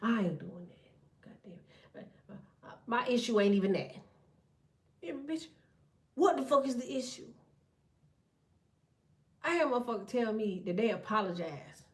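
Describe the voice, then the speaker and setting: High-voiced profane woman ranting. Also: normal speed, pauses often, far from the mic. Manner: blunt, profane, animated storytelling. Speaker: tarot reader and vlogger. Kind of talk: profane casual rant to viewers.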